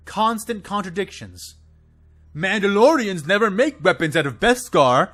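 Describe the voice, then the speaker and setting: A man's voice: animated, a little slow, fairly bright tone, soft background music. A man giving an impassioned, exasperated solo rant to camera, swearing and sputtering as he goes. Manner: exasperated, swearing, high and swooping. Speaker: video creator ranting about a show.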